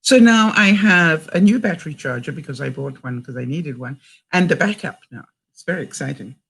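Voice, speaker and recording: A woman's voice: deep voice, animated, a little fast, creaky, slightly rough. An older, retired woman from Canada chatting to her viewers, telling stories and reading sayings, often breaking into laughter. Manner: chatty storyteller who laughs often between sentences; reads out sayings and quotes. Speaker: vlogger. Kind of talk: casual chat to viewers.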